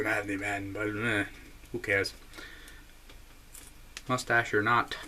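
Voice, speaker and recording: A man giving a rambling, deadpan comic monologue with lots of hesitations. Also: lowish voice, slight background noise. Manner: deadpan, rambling, many fillers. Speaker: comedy vlogger.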